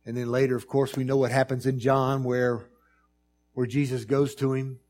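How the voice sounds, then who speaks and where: A man's voice: mid-range voice, flat delivery, moderate pace. Man preaching a rhythmic sermon. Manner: swings from hushed pleading to loud emphatic storytelling; repetitive, rhythmic phrasing.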